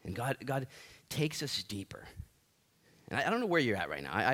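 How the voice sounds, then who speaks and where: A man's voice: mid-range voice, huge pitch swings, moderate pace, long pauses, a bit bright. A man in his thirties preaching a sermon as pastor, joking and self-deprecating, with many restarts.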